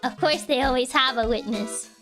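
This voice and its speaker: High-voiced woman streamer, playful asides. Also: normal speed. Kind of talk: casual gameplay commentary. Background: game music.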